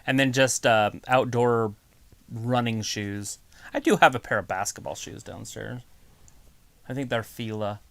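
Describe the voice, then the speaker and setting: A man's voice: mid-range voice, measured pace, vocal fry, a bit bright, dry recording. A man co-hosting a live wrestling stream, rambling in a laid-back, jokey way between bits of match commentary.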